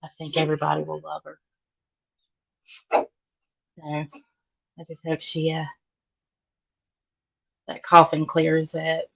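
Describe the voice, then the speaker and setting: A woman's voice: low voice, completely flat delivery, slow pace, gravelly, pauses often, fairly bright tone, dull audio. A middle-aged woman with a Southern accent, chatting casually with live viewers and greeting them by name. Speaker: vlogger.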